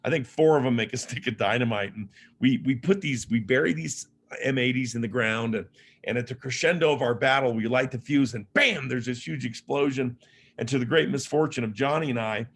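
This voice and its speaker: A man's voice: medium pitch, brisk, slight background noise. A man from Las Vegas giving a motivational keynote talk as an author and speaker. He tells personal stories in a humorous, conversational, self-deprecating way. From Las Vegas, Nevada, USA.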